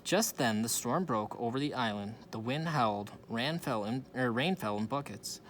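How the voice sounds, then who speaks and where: A man reads a children's storybook aloud in an animated way, with a lively, swinging pitch. He stumbles now and then and corrects himself. Faint noise sits behind him. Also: normal speed. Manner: animated, with small slips and self-corrections. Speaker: reader.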